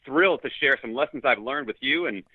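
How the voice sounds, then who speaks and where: A man's voice: mid-range voice, animated, a little fast, husky, no echo, narrow, tinny audio. A man from New York City answering interview questions in an upbeat, articulate way. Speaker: guest, leadership consultant.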